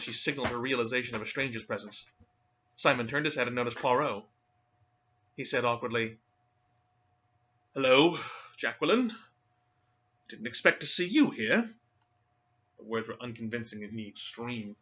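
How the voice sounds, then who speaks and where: Middle-aged male reader, chatty and rambling, bright edge, lo-fi sound. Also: medium pitch. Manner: rambling with many fillers. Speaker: audiobook reader. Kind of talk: casual chat after reading. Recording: dull lo-fi recording.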